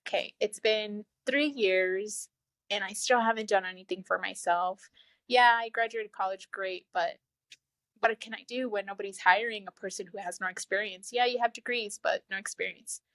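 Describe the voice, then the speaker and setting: A woman, telling her own story in a casual, animated way and laughing often. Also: no room sound. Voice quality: low, flat-sounding voice she calls sad over the phone.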